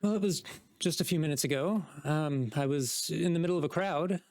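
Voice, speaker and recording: A man voicing a flustered, pompous well-to-do gentleman who has been robbed. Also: fairly high pitch, fairly quick, no echo, studio quality, close to an everyday voice.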